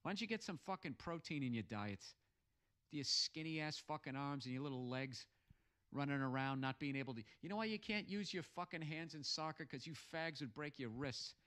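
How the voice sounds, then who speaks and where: A man's voice: on the high side, lively intonation, normal speed, fairly bright tone. An American man hosting a podcast, ranting sarcastically and swearing heavily while reading out listener messages. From United States. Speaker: podcast host. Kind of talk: profane comic rant reading listener messages.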